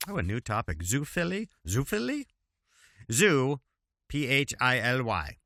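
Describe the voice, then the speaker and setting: Man reading bawdy verse, lively, slow. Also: medium pitch, no room sound, studio quality. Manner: chuckling, wry asides between verses. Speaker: reader. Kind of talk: reading limericks aloud with asides. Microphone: home recording setup.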